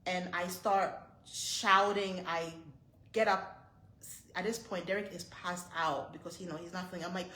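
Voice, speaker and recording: A woman in her thirties tells her viewers about a frightening moment. She talks in a tense, breathless way, circling back over the same phrases, and her lowish voice rings off the walls of an echoey room. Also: steady tone, a little slow, fairly bright tone, slight background noise. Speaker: vlogger, mother. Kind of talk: storytelling to camera.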